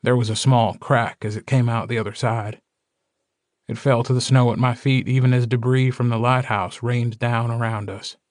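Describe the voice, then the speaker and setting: A man narrating a first-person audiobook in a measured, steady storytelling manner. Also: medium pitch, dry recording, studio quality.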